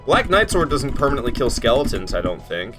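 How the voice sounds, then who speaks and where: Dude streaming a game, mid voice, swears a lot, kinda disbelieving, faint music behind. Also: male voice, mid-range voice, sing-song, a little fast. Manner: incredulous, swears freely, talks to chat. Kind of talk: casual live-stream commentary.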